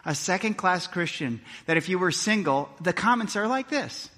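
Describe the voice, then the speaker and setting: A pastor from Milwaukee preaching a sermon in a church, moving from quiet earnest tones to loud, excited storytelling. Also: male voice, sits high, moderate pace, few pauses. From Milwaukee, Wisconsin. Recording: reverberant church hall.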